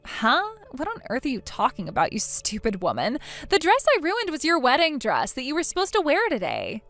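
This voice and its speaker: A woman's voice: sits high, wildly swooping pitch, brisk, a bit bright, soft background music, full character voice. A woman voicing a spiteful young sister-in-law in a text-message story, taunting and sneering at the bride. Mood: contemptuous. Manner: mocking, taunting, later pleading.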